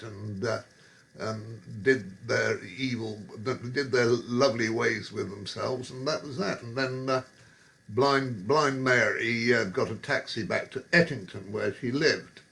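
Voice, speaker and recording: A man's voice: medium pitch, vocal fry. A man telling rambling, wry pub anecdotes with chuckles and digressions. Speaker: storyteller.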